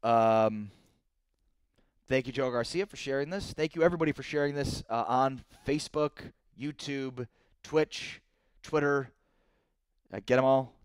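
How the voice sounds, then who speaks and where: A man's voice: mid-range voice, a little slow, pauses often, clear, resonant tone, no room sound. A man in his thirties hosting a live-streamed sports talk show, reading viewer comments and getting worked up over trades. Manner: excitable, rises sharply when indignant.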